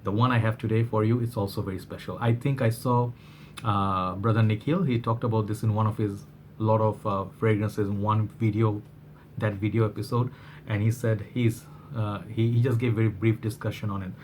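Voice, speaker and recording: A man's voice: on the low side, fairly even intonation, normal speed, darkish tone, a little hiss or hum. Chatty Bangladeshi man reviewing fragrance. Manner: chatty, rambling, many fillers and restarts. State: slightly worn voice. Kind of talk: casual product review vlog.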